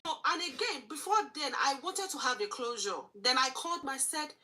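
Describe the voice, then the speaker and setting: High, bright woman sharing her story. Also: animated, low-quality recording. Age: 40s. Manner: earnest, halting, repeats phrases. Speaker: interview guest. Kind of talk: emotional personal testimony.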